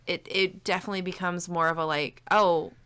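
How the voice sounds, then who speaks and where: A woman from Texas co-hosting a casual podcast chat, chatty and quick to agree. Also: fairly low pitch, fairly even intonation, sharp tone, clear, resonant tone.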